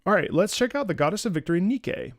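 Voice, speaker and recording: Gravelly, earnest man streaming. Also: sits high, big pitch swings, fast talker, dry recording, studio quality. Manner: rambling, repeats words and restarts often; earnest, swears casually. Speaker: streamer reacting to music. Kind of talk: casual livestream chat.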